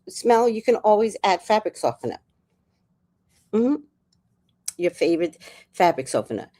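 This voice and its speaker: A woman's voice: fairly low pitch, darkish tone. A woman from New York City hosting a casual livestream chat, ranting sarcastically and breaking into laughter. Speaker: livestream host.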